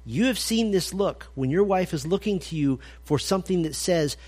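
A man's voice: high-pitched, lively intonation, normal speed, a little mellow. A man giving a conversational sermon at a men's breakfast. He talks with energy and humor, puts direct questions to his listeners, and acts out little scenes. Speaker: men's ministry speaker.

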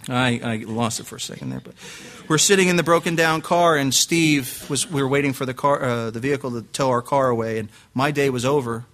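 A male pastor telling a lively personal story, acting out his quotes and restarting his sentences often. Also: medium pitch, a little fast. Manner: animated anecdote with acted quotes, frequent restarts and laughs. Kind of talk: preaching storytelling.

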